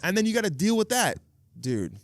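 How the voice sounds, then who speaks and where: A man's voice: high voice, sing-song, fairly quick, no echo, clean studio sound. A man in his thirties hosting a podcast alone, talking in a rambling, profane, comedic monologue full of restarts, recorded outdoors near water. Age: 30s. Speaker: podcast host. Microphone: video podcast camera setup.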